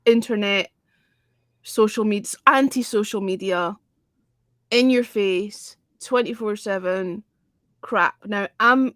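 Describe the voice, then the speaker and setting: A woman's voice: medium pitch, slow, pauses often, a bit bright, no echo, studio quality. A woman, hosting a casual music chat in a blunt, swearing manner. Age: 40s. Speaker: host.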